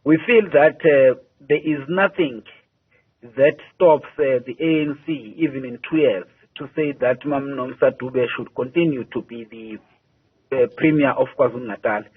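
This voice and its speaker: A man, a party spokesperson answering a news interview by phone, measured and halting, with many hesitations and repeated words. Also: mid-range voice, husky. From South Africa. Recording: tinny phone line.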